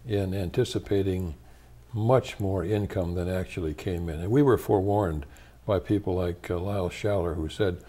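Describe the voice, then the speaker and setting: A retired church leader, an older American man, gives an interview in a deep, mellow, relaxed voice. He comes across as unhurried and reflective, often stopping to collect his thoughts and restarting his sentences.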